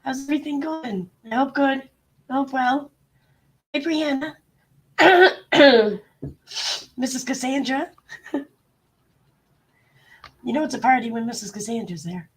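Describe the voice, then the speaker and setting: A woman live streamer, sick with a bad cold and clearing her throat, chatting bluntly and swearing freely as she greets her viewers. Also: sits high, takes it slowly, long pauses. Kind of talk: casual livestream chat.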